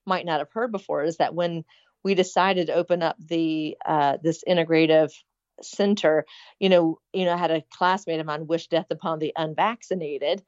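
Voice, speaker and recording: A woman's voice: low-pitched, steady tone, moderate pace, darkish tone, dry recording. A middle-aged woman speaking as an interview guest in casual talk, earnest and rambling, with many fillers. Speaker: interview guest planning a hospital. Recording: dull lo-fi sound.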